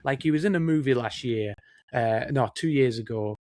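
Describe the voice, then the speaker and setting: A chatty Northern English man talks films in a loose, rambling way, his pitch sitting in an ordinary middle range. The sound is dry and close, with no room around it. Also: normal speed, darkish tone, dry recording. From Northern England. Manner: chatty, rambling, says mate often. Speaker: co-host, film production assistant. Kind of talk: casual film chat.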